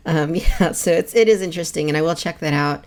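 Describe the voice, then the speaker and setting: A woman's voice: sits low, fairly quick, darkish tone. A woman co-hosting a collectors' podcast, chatting in a friendly, laid-back way with light jokes. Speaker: podcast co-host. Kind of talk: casual chat.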